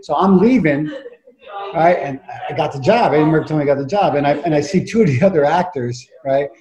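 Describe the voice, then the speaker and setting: A middle-aged man, an actor telling lively, profane anecdotes in casual chat and acting out the voices in them. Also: on the high side, fairly quick, crowd noise, low-quality recording. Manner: animated, profane, acts out voices in his anecdotes. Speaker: actor guest telling stories.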